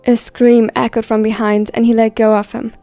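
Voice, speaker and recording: A woman reading a story aloud in a steady, even scripted narration. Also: a little high, moderate pace, dry recording, faint music behind. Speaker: fan fiction reader.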